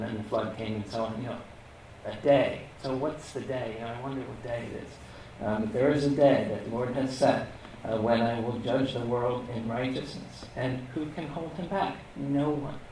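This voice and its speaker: A man's voice: medium pitch, a little mellow, far from the mic, slight background noise. Man, preacher, casual bible teaching, rhetorical questions, very echoey room, mic set back. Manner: conversational, rhetorical questions, frequent "okay?".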